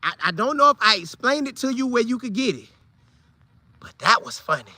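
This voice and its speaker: A man telling a funny old football story casually, with loud sound effects and vivid retelling. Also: very high voice, sing-song, brisk, no room sound. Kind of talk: animated storytelling.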